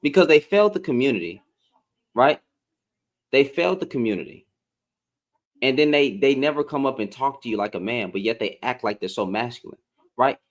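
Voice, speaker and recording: Male streamer, confrontational, lively swings in pitch, mid-range voice. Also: a little fast, long pauses. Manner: animated, confrontational, slangy. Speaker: live-stream host. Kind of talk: heated casual rant.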